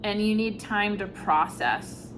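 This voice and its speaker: A woman giving an intuitive tarot reading, speaking softly and reflectively, with sighs and pauses between thoughts. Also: medium pitch, noisy background. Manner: slow, soft-spoken, reflective, with sighs and pauses. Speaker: tarot reader.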